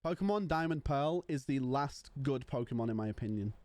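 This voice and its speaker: A man's voice: mid-range voice, animated, fairly quick, a little mellow, dry recording. Bantering young male streamer, dry mic. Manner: playful, joking banter with chat. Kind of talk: casual live-stream chat.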